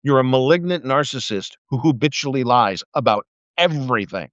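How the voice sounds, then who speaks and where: A man's voice: medium pitch, lively intonation, normal speed, fairly bright tone, no room sound. An older man ranting on a livestream about politics, profane and mocking, stammering into restarts when he gets heated. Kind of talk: angry political rant on a livestream. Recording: dull dry lo-fi livestream audio.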